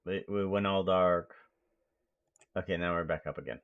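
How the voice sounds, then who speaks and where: A man streaming live, chatting casually in a rambling, halting way as he works. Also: sits low, phone-quality sound. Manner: rambling, halting, self-correcting.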